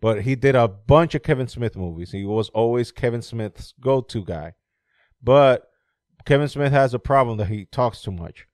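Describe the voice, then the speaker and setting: A man's voice: medium pitch, moderate pace, no room sound, studio quality. A man chatting casually about movies, rambling, laughing often and swearing freely. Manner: animated when mocking movie scenes.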